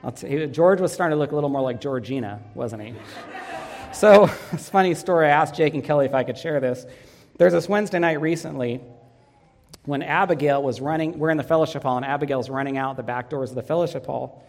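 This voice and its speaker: Male pastor, 30s, earnest sermon delivery with warm anecdotes; reverberant church sound. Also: fairly high pitch, quick pace. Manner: earnest, storytelling with light humor. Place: church sanctuary.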